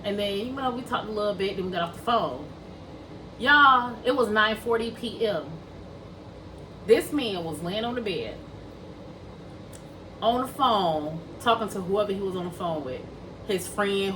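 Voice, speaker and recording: A woman's voice: medium pitch, expressive, moderate pace, pauses often, sharp tone, far from the mic, a little hiss or hum, rough recording. A woman casually tells a personal story to her viewers, talking them through it and acting out what people said. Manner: chatty, addresses viewers as y'all, acts out quoted dialogue. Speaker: vlogger telling a personal story.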